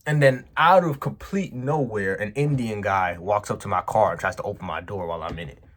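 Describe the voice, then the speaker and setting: A man with a fairly low voice, talking a little fast, delivers a slang-heavy personal story for his vlog. He owns a business, and his casual monologue is animated and emphatic, with plenty of "bro."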